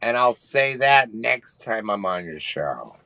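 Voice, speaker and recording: A man's voice: lowish voice, very animated, takes it slowly, vocal fry, sharp tone. A man calling in as a guest on a chat show, talking in an erratic, blunt and profane way. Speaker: call-in guest. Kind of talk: casual chat on a call.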